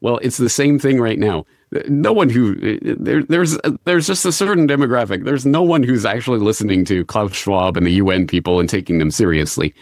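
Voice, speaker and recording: A middle-aged man from North America answering interview questions in a measured way, often restarting his phrases. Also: mid-range voice, a little mellow, dry recording. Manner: measured, restarts phrases, occasional dry laugh. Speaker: interview guest.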